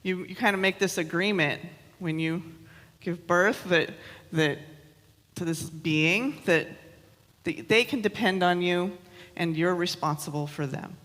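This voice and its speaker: A woman's voice: lowish voice, unhurried, fairly bright tone, in a large hall. A woman in her thirties, a minister giving a chatty, self-mocking sermon with personal stories, laughing often. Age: 30s. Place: church hall.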